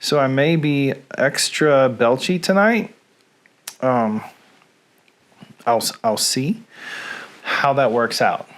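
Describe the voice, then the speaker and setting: A man's voice: mid-range voice, expressive, slow pace, pauses often. A man with a Southern US accent hosting a casual live stream from home, chatting in a rambling, self-deprecating way with asides. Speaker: host. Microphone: camera on stand.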